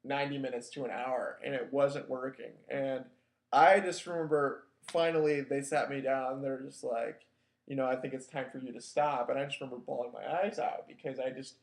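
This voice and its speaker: A man's voice: medium pitch, fairly even intonation, normal speed. A man hosting a show, telling a personal story in a casual, wry, self-mocking way, loose with filler words. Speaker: podcast host. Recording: echoey room.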